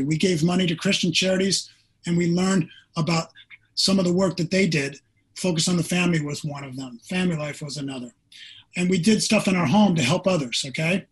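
A man in his sixties, a former pro quarterback, telling a personal story as a podcast guest, earnest and animated, acting out what people said. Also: high voice, breathy edge, poor audio.

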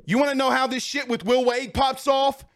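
A man's voice: very high-pitched, flat delivery, moderate pace, fairly bright tone. A man, ranting about sports straight at his audience in a heated, repetitive way. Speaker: sports talk host. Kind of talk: casual ranting commentary.

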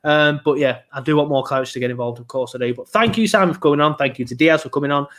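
A young man hosting a podcast. His voice sits slightly high. He chats casually, rambling, swearing and restarting his sentences. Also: fast, a bit bright. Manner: rambling, swearing, self-interrupting. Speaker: podcast host. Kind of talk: casual chat.

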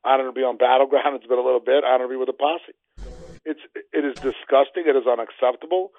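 A man's voice: mid-range voice, fairly even intonation, fast talker, creaky. A man from New Jersey giving heated, emphatic political commentary as a guest. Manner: emphatic, declamatory. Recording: tinny phone line.

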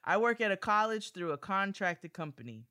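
Bright, animated male podcast co-host. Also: high voice, moderate pace, clear, resonant tone, no echo, clean studio sound. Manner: animated, joking, reads letters aloud. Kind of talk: casual chat and ad read.

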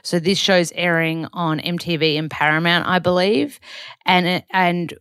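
A low-voiced Australian woman hosts her podcast in a rambling, chatty way, often stopping to correct herself mid-sentence. The sound is dry and close, with no room around it. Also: steady tone, normal speed, a bit bright, smooth, no room sound. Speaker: podcast host. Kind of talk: casual weekly diary chat.

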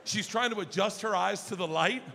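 Brief: male stand-up comic, high and gravelly, echoing theater with crowd. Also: a little fast. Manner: animated, building to loud punchlines. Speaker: stand-up comedian. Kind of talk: stand-up storytelling. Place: large theater stage. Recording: reverberant live theater, audience noise.

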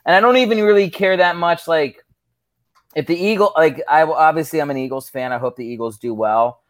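A man who is a comedian guest on a podcast, musing in a wry, deadpan way with casual swearing. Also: on the high side, brisk, no room sound.

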